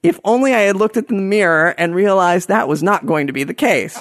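A man telling a personal story to an audience in a self-mocking, halting way, with many restarts. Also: high voice, a bit bright, no echo, studio quality.

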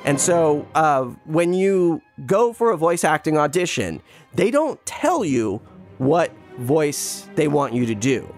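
A man chatting casually and telling an anecdote, rambling with restarts and jumping into quick impressions of other people. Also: a little high, sing-song, soft background music. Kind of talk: casual storytelling chat.

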